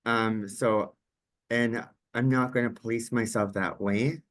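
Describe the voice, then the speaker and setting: A man's voice: medium pitch, steady tone, slow pace. A man, a journalist and advocate, speaking frankly and openly on a video call, laughing easily. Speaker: journalist and advocate joining the meeting. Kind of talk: casual comment on a video call.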